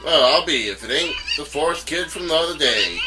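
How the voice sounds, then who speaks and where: A man's voice: a little high, animated, a little fast, close to an everyday voice. A man voicing a lazy, jovial middle-aged male ranch owner in a video game, with folksy country talk over game music.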